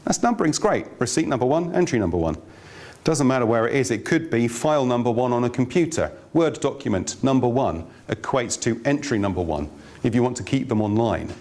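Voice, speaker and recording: A man's voice: mid-range voice, expressive, fairly quick, darkish tone. A man presenting a finance course in a room with an audience, in a chatty, anecdotal way with wry asides. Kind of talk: informal teaching talk.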